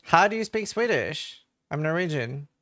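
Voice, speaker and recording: A man's voice: a little high, big pitch swings, normal speed, fairly bright tone. A man from England chatting casually with viewers on a live stream, joking around.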